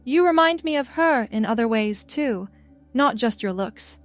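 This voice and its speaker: A woman voicing a gentle, wistful older aunt who lost her daughter, speaking softly and hopefully in a recorded story reading. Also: on the high side, lively intonation, unhurried, soft background music. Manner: soft, hopeful, breaking with emotion.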